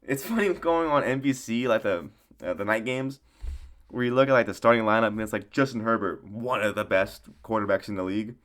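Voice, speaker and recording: A man's voice: fairly low pitch, brisk. A young man giving casual, rambling sports commentary, swearing often and correcting himself as he goes. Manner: excitable outbursts.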